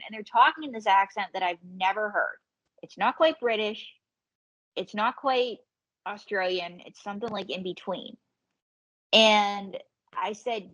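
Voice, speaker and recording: A woman comedian and ventriloquist telling lively, swearing anecdotes as a podcast guest. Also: mid-range voice, highs cut off. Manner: animated storyteller, swearing, quick quoted voices. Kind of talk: casual podcast storytelling.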